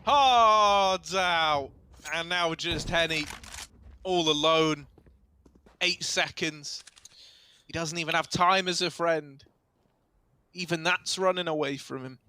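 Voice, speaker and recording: Male esports caster, bright voice, slow delivery, jokey, excitable. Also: fairly high pitch, clean tone. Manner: excitable, jokey, yells at tense plays. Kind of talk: live match commentary.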